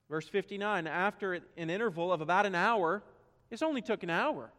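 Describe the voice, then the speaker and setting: Preaching in a large hall at a moderate pace, a Southern-accented pastor from South Carolina alternates soft, low passages with loud, emphatic rhetorical questions.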